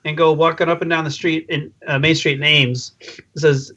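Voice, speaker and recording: A man with a fairly high, bright voice rambles through casual podcast chat. He jokes and pokes fun at himself. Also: little pitch movement, normal speed, lo-fi sound, a little hiss or hum. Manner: self-deprecating, rambling, jokey. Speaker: podcast guest.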